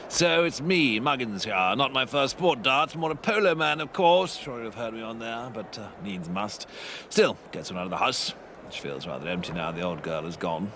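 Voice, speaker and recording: A man's voice: lowish voice, animated, normal speed, bright, forceful tone, slight background noise. A man voicing a pompous, rambling upper-class English commentator with a callous, offhand manner, in comic commentary over old sports footage.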